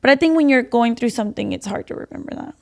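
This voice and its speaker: Young woman co-host, fairly high voice, earnest faith-centered chat, animated. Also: creaky. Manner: earnest, animated, quick bursts and soft drops. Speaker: podcast co-host. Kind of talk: casual faith-based chat.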